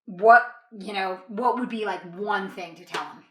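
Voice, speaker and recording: A woman's voice: medium pitch, normal speed, sharp tone, echoey room. A woman hosting a casual interview, chatty, laughing often and using many fillers. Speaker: podcast host.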